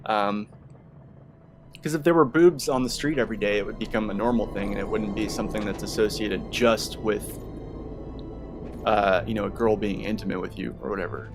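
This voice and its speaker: A man's voice: fairly low pitch, moderate pace, over music. A young man giving casual, rambling gameplay commentary, full of filler words. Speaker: let's play commentator.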